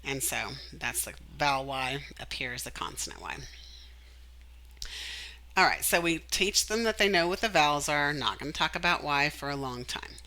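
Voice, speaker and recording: A woman teacher explaining a reading method, animated, singing the letters and acting out the sounds. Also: deep voice, normal speed, rough recording. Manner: animated, demonstrates sounds and sings.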